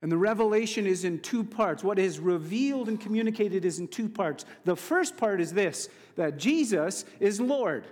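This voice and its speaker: A male preacher delivering a sermon, slow and emphatic, with casual asides, in a church sanctuary. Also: high-pitched, animated, a little mellow, big-room sound.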